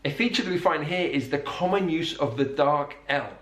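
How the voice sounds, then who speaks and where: A man teaching a lesson online, explaining things carefully and slowing down to model each sound. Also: fairly high pitch, fairly bright tone. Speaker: accent teacher. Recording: roomy echo.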